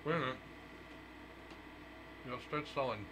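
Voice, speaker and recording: A man's voice: mid-range voice, unhurried. A man hosting a talk radio show in casual chat, joking and blunt, swearing freely. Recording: noisy live radio stream.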